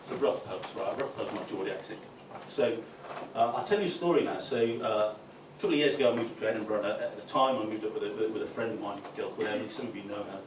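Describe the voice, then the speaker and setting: A man's voice: on the low side, fast. A man doing a live stand-up set, rambling and conversational with lots of "right?" asides. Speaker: stand-up comedian. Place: football club function room, live audience. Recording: echoey room from far off, noisy.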